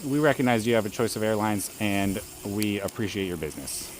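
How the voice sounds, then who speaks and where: A man voicing a male airline pilot making a formal cabin announcement, low and soft. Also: a little fast, slight background noise, close to an everyday voice. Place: outdoors on a bike in a city.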